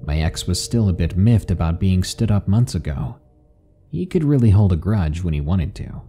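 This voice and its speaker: A man narrating a horror story in a calm, measured, ominous delivery. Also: sits low, slight background noise. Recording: faint background music.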